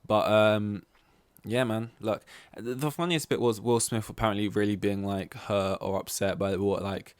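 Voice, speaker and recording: Rambling, sweary podcast host. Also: male voice, fairly low pitch, steady tone, moderate pace, clear, resonant tone, dry recording. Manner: rambling, sweary, loses his thread. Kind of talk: casual solo podcast chat.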